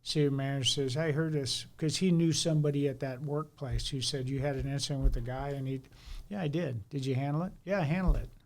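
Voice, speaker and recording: A man's voice: medium pitch, steady tone, quick pace, a little mellow. A middle-aged man, a former fire chief, telling workplace stories in casual podcast talk and acting out both sides of the conversations.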